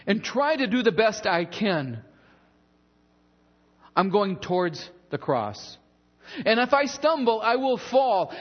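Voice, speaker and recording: A pastor preaching a sermon in a church in a conversational, animated way, with asides and bits of humor. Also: male voice, high-pitched, in a large hall, highs cut off.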